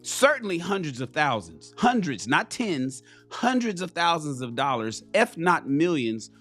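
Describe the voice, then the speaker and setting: A man's voice: fairly high pitch, big pitch swings, unhurried, a bit bright, faint music behind. A man ranting bluntly and profanely on a casual live stream, preaching to his viewers.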